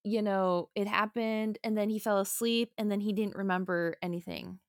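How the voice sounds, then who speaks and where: A woman's voice: medium pitch, steady tone, moderate pace, no echo, studio quality. A woman co-hosting a podcast, telling stories loosely and casually, with the odd swear word. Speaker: podcast co-host. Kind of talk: casual chat.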